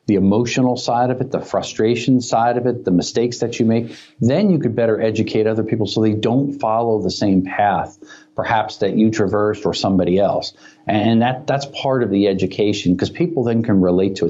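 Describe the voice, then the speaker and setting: A man's voice: on the low side, muffled recording. A man talking as a cybersecurity expert guest on a podcast, telling stories and acting out quoted dialogue. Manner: animated storyteller who acts out quoted dialogue. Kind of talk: conversational podcast interview.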